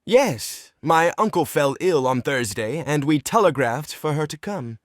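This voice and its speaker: A man's voice: fairly high pitch, animated, measured pace, dry recording, studio quality. Treplev, a man reading a lovesick young writer. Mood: pleading. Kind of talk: play reading.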